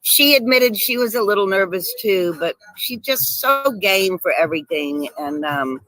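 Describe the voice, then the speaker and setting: A woman guest telling lively stories in casual chat, laughing often over a video call. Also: medium pitch, normal speed, a crowd in the background, poor audio. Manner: animated storyteller, laughs often. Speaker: guest actress.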